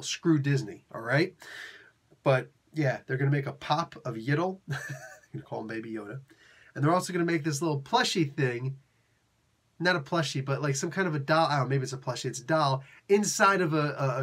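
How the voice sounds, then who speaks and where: A man hosting a casual comic book review, talking in an excitable, rambling, slangy way. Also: on the high side, slightly rough.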